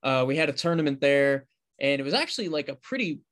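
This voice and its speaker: A man's voice: medium pitch, big pitch swings, quick pace, fairly bright tone. A man co-hosting a casual podcast chat, telling a story in a rambling, self-correcting way. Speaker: podcast co-host.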